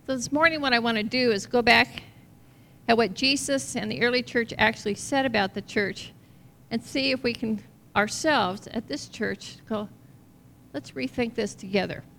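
A woman's voice: on the high side, normal speed, gravelly, a bit bright. A woman pastor preaching a conversational sermon to her congregation in a church, asking them questions along the way. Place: church sanctuary. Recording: reverberant hall, faint noise, level drops midway.

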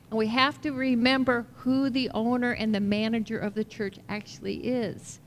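A woman pastor preaching a conversational sermon to her congregation in a church, asking them questions along the way. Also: fairly high pitch. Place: church sanctuary. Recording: reverberant hall, faint noise, level drops midway.

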